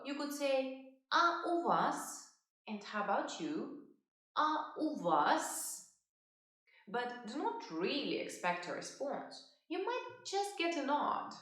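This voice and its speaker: A native Russian woman teaching a beginner language lesson in English with a Russian accent, pronouncing each phrase slowly and clearly. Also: high-pitched. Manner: slow, clearly modelled pronunciation. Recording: very echoey room.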